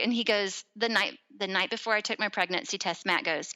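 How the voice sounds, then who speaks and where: A woman's voice: medium pitch, brisk, rough recording. A woman in her thirties, a podcast guest, telling a personal story in casual chat and acting out the quoted voices. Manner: animated, acts out quoted voices.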